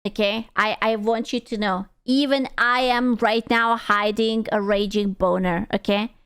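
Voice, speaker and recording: A woman's voice: mid-range voice, fairly even intonation, measured pace, fairly bright tone, smooth, dry recording. A young woman streamer reacting to a video in casual, crude, jokey commentary, often stumbling and restarting her sentences.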